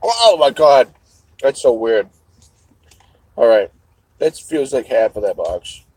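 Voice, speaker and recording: A man's voice: medium pitch, very animated, slow, darkish tone, breathy edge, dry recording, poor audio. A man hosting a live stream, rambling to his chat while eating, swearing casually as he goes. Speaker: livestream host.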